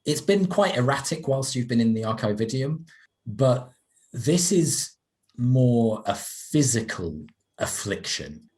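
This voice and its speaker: A man, working as a game master and narrating a tabletop role-play game in a measured, descriptive way. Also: mid-range voice, very animated, darkish tone.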